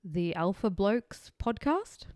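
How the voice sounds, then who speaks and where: A woman's voice: mid-range voice, very animated, slow pace, darkish tone, no echo, studio quality. A young woman co-hosting a true-crime podcast, chatty, laughing often and swearing casually. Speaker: podcast co-host.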